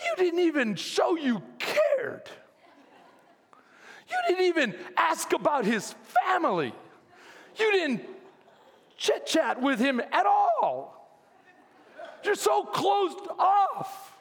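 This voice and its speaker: A male pastor acting out his exasperated wife scolding him, with an indignant, shrill manner. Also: wildly swooping pitch, moderate pace, a bit bright, heavily acted. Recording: long reverb of a church hall.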